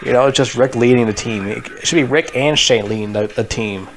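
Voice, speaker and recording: A man's voice: mid-range voice, brisk. A man ranting in a casual vlog, heated and frustrated, swearing a lot and leaning on filler words. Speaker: vlogger. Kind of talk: casual rant about a TV show.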